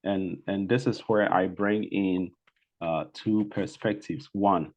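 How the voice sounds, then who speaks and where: A man's voice: deep voice, fairly even intonation, takes it slowly, rough recording. A man from Ghana with a Ghanaian accent giving an online presentation, speaking hesitantly with many fillers and restarts. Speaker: guest speaker.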